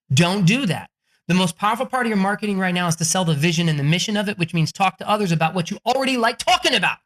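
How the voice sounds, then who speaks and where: A man speaking as a podcast guest, giving energetic advice in a brash, profane way. He acts out the people he quotes. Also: high-pitched. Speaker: guest author.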